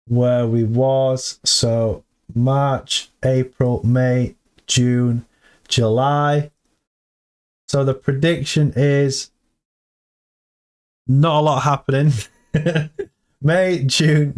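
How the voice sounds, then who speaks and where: A man giving casual, excitable commentary to his viewers while reading through a crypto AMA. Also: mid-range voice, clear, resonant tone. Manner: excitable, hyped, talks to viewers as "team". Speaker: crypto vlogger.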